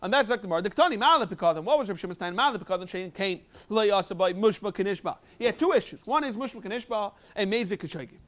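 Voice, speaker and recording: High-voiced man giving a quick Talmud class. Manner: quick, animated explaining with sudden emphatic jumps. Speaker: rabbi teaching a Talmud review class. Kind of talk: Talmud lecture, English mixed with Hebrew and Aramaic terms.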